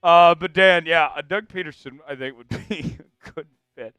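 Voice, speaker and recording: A man hosting a live sports stream, laughing often and breaking into loud chants with viewers. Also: a little high, normal speed, clear, resonant tone, no room sound. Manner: rowdy, laughs a lot, bursts into loud chants. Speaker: sports show host.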